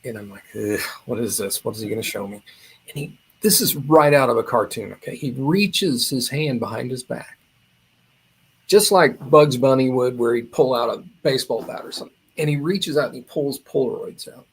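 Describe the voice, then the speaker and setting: A gravelly, husky-voiced man in his fifties, from Indiana, recounting a tale as a guest. He talks in a loose, rambling way, full of fillers and restarts. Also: medium pitch, lively intonation, moderate pace. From Indiana, USA. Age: 50s. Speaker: guest, drummer. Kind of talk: casual storytelling.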